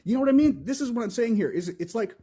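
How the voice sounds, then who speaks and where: A man's voice: very high voice, animated, quick pace, dark tone, slightly rough. A man co-hosting a call-in podcast, swearing heavily and stumbling over repeated words as he vents about politics. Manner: profane, emotional, repeats words when worked up. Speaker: podcast co-host. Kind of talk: heated political chat.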